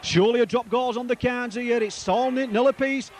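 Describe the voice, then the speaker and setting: A man giving live rugby league match commentary, excitable and rambling, repeating player names as the play moves. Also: very high-pitched, brisk, few pauses, a little hiss or hum.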